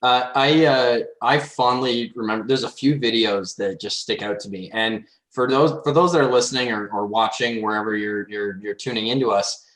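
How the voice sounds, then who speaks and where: Halting co-host in an echoey room. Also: male voice, medium pitch, a bit bright. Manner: halting, with many restarts and laughs. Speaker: podcast co-host. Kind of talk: casual interview.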